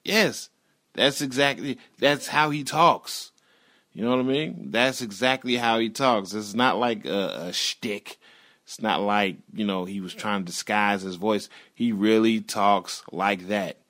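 A man's voice: lowish voice, a little slow, a bit bright. A man hosting a podcast, signing off in a casual, rambling, profane way. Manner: profane, laid-back, rambling. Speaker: podcast host. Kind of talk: casual show sign-off.

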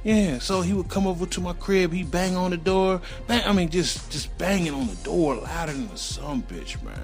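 A man's voice: high voice, lively intonation, moderate pace, vocal fry, few pauses, faint music behind. A middle-aged man telling a personal story in a loose, profane, rambling way, acting out sounds as he goes. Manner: acts out sounds and voices animatedly.

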